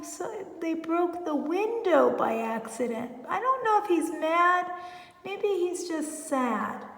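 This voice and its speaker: A woman teaching a phonics lesson to young children, stretching out sounds as she sounds out words. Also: sits high. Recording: echoey room with long reverb.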